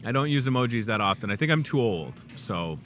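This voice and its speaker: Very animated and brisk, this middle-aged Midwestern host speaks in a mid-range, slightly bright voice with some background noise. He runs an upbeat, chatty, joking talk show in a grocery store aisle, miked with a clip-on lapel mic.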